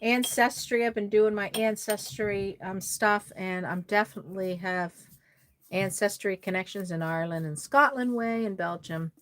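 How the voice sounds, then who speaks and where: A woman's voice: medium pitch, steady tone, normal speed, slight background noise. A woman from Nova Scotia, chatting casually on a live stream, rambling and reading out viewer comments as she works on a doll. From Nova Scotia, Canada.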